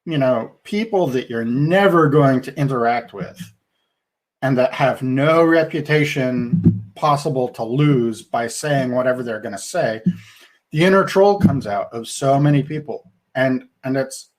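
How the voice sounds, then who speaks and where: A man's voice: mid-range voice, expressive, unhurried. A middle-aged man co-hosting a podcast, talking things through in a thoughtful, rambling way with restarts. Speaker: podcast co-host. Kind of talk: casual podcast discussion.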